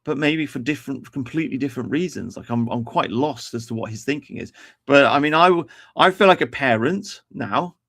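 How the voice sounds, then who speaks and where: Gravelly man rambling on stream. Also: mid-range voice, brisk, fairly bright tone. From England. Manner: rambling, profane, frequent restarts. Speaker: livestream host. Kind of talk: casual livestream commentary.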